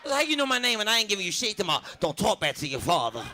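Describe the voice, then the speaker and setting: A man's voice: high-pitched, big pitch swings, rapid-fire, sharp tone, a little hiss or hum. A man from Baltimore doing a profane stand-up comedy set, brash and laughing at his own jokes.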